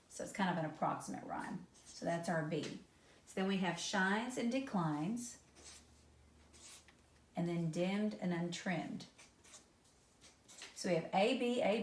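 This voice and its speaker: A woman's voice: lowish voice, echoey room, a little hiss or hum. A woman teaching an English class in a recorded lecture, explaining step by step with frequent fillers like "um" and "so.". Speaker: high school English teacher.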